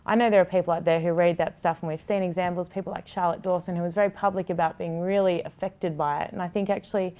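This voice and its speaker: A woman with a slightly low voice talks openly in a podcast chat. She is candid and heartfelt, and she swears freely when she feels strongly. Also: fairly even intonation, fast, hardly any pauses, dark tone. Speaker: TV sports show host.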